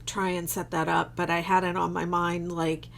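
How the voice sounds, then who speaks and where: A woman's voice: lowish voice, flat delivery, normal speed, vocal fry, fairly bright tone, a little hiss or hum. A woman hosting a casual live-stream craft chat from home, rambling and chatty with lots of fillers. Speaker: crochet designer and channel host.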